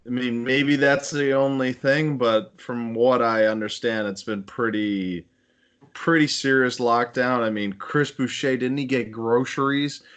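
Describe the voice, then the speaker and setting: Casting: man, mid-pitched voice, laid-back joking podcast co-host. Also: fairly even intonation, a little slow, fairly bright tone, clear, resonant tone. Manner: loose, joking, trailing off. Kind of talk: casual chat.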